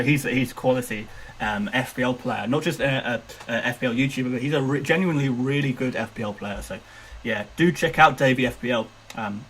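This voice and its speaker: A man's voice: mid-range voice, a bit bright, breathy edge, rough recording. A young man hosting a fantasy football live stream, chatting casually and reading viewer messages aloud with lots of fillers. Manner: chatty, upbeat, loose with fillers and restarts.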